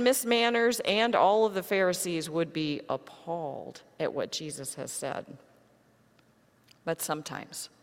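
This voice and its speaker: Unhurried woman preaching in a reverberant hall. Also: deep voice. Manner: measured storytelling delivery to a congregation. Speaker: pastor. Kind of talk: sermon.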